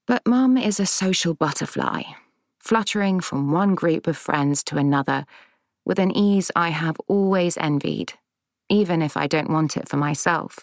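A woman narrating a first-person audiobook in a measured, gentle, reflective way. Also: low voice, no room sound.

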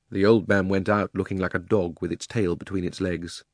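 A man reads a storybook aloud in a measured, expressive way. His voice sits somewhat low, and the recording is dry with no room sound. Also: dry recording. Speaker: narrator. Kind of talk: storybook narration.

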